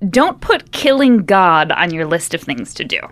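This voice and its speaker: A woman co-hosting a casual comedy podcast, delivering a list of jokey lessons in a deadpan way and laughing at herself. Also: lowish voice, moderate pace. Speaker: podcast co-host.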